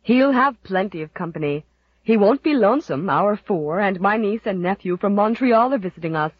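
A woman's voice: mid-range voice, animated, moderate pace, husky, no echo, lo-fi sound. A woman voicing a big, jolly woman who speaks heartily and expansively in an audiobook.

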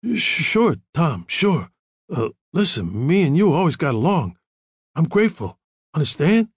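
A man's voice: a little high, sing-song, unhurried, breathy edge, no room sound, studio quality, voice pushed up, heavily acted. A man voicing a drowsy, nervous husband who answers shakily and eagerly. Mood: shaky. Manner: shaky, eager to please.

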